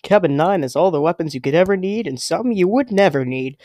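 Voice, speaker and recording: A man voicing a cheerful camper who delivers an enthusiastic sales pitch for a weapons workshop. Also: lively intonation, a little fast, darkish tone, no echo. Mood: promotional. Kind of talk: mock advertisement.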